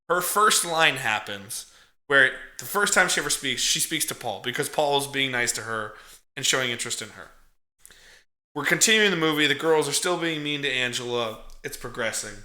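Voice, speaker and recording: Bright-voiced man, chuckling film recap. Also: medium pitch, lively intonation, normal speed, echoey room. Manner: profane, chuckling storyteller. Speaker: podcast co-host recapping a film.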